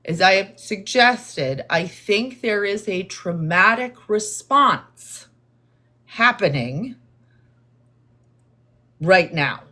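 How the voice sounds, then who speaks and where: Speaking slowly and deliberately at a medium pitch, a woman addresses her livestream viewers and responds to chat. Her calm, therapist-like manner is measured and explanatory, a tone she says viewers take as condescending.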